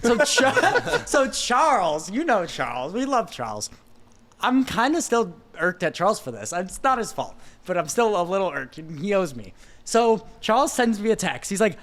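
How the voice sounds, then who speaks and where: A young man, a car photographer, telling animated stories in a casual podcast chat. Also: high-pitched. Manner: animated storyteller, quick laughs.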